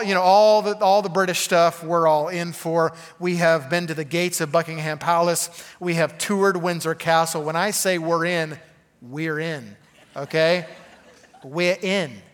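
A man's voice: high-pitched, a bit bright, smooth, big-room sound. A man preaching a conversational sermon, full of "okay?" asides to the congregation. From Arkansas. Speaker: pastor.

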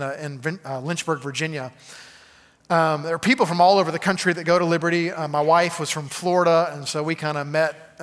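A man's voice: on the high side, fairly bright tone, long reverb tail. A man preaching a conversational sermon, full of "okay?" asides to the congregation. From Arkansas. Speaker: pastor.

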